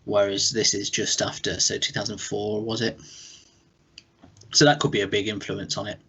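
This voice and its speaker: A man's voice: on the low side, flat delivery, normal speed, vocal fry, bright, forceful tone, husky. A man with an English accent, co-hosting a podcast in casual, rambling chat full of fillers. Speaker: podcast co-host. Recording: dull lo-fi podcast audio.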